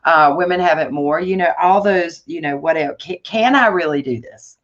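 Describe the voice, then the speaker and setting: Woman interview guest, lively storyteller, restarts a lot, muffled lo-fi audio. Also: lowish voice, normal speed. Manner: animated storytelling, many fillers and restarts. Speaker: guest entrepreneur. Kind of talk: conversational interview.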